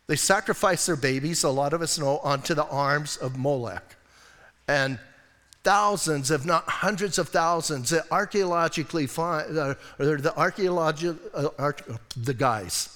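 A male pastor preaching a sermon, reading scripture aloud with animated emphasis and dropping to hushed asides. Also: on the high side, in a large hall.

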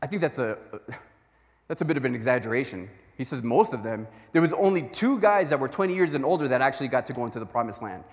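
A man preaching a sermon as a pastor, telling Bible stories in an animated way and acting out their voices. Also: medium pitch, fast, long reverb tail. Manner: animated storytelling with acted-out voices.

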